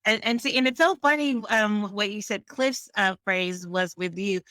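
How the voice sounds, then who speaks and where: A woman's voice: medium pitch, moderate pace, fairly bright tone, smooth, no echo, clean studio sound. Emphatic woman podcast co-host. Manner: emphatic, repeats words as she builds a point. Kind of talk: casual podcast chat.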